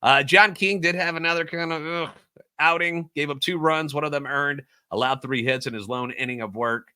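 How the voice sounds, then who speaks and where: A man's voice: fairly high pitch, normal speed, pushed and bright, clear, resonant tone. A man hosting a solo sports podcast, ranting sarcastically and animatedly about overreactions. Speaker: podcast host.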